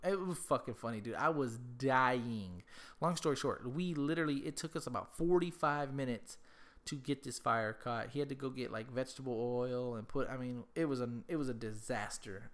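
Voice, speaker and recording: A young man hosting a casual chat, rambling through a story with lots of swearing and repeated words. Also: mid-range voice.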